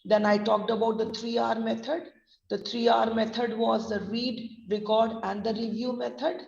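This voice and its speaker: A woman's voice: fairly high pitch, little pitch movement, moderate pace, creaky, darkish tone. A woman with an Indian English accent teaching pronunciation, spelling words letter by letter and explaining stress. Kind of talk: online lesson, spelling out words. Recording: dull distant roomy audio.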